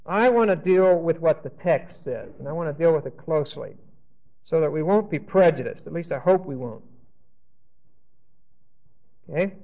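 A man's voice: fairly high pitch, animated, moderate pace, pauses often, darkish tone. A man teaching a Bible class, thinking aloud with restarts and often checking in with "Okay?". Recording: dull lo-fi recording.

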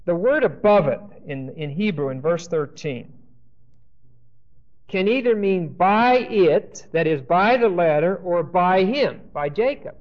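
High-voiced man teaching a Bible class. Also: expressive, unhurried, highs cut off. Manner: checks in with the class, asking questions and saying "okay?"; reads scripture aloud and explains it.

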